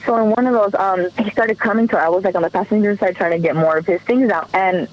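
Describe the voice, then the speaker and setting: A woman's voice: mid-range voice, fast talker, highs cut off. A woman guest on a podcast telling a personal story in an earnest, emotional way, often restarting her sentences.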